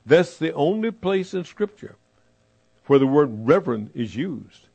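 A man preaching a sermon as pastor, emphatic, repeating his phrases and slowing down to stress them. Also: on the high side, very animated, gravelly, darkish tone, slightly rough, no room sound.

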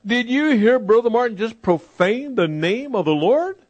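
A man's voice: very high voice, expressive, normal speed, dry recording, muffled recording, voice pushed up. A man voicing a stern elderly woman missionary who scolds a class reproachfully, in a sermon story. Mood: scolding. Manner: reproachful, emphatic.

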